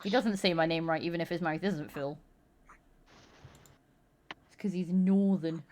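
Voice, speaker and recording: A woman's voice: fairly low pitch, steady tone, measured pace, darkish tone. A woman hosting a stream, chatting casually and teasing her guests. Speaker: streamer host. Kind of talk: casual chat.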